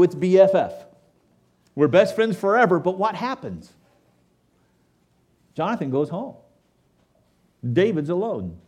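A man preaching in church, reading a long passage aloud and stepping out of it to comment directly to his listeners. His voice sits a little high and moves widely up and down as he goes. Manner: animated, asides to the congregation. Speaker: pastor. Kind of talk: sermon with scripture reading.

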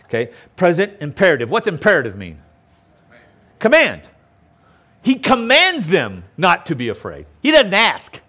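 A pastor preaching a sermon outdoors by a lakeshore, emphatic and often checking in with the listeners. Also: male voice, high-pitched, wildly swooping pitch, normal speed, hardly any pauses, sharp tone. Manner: emphatic, keeps checking in with "okay?".

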